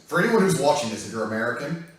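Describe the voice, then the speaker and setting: A man telling a profane, animated story. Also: mid-range voice, rapid-fire. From England. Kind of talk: casual anecdote. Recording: very echoey room, mic far off.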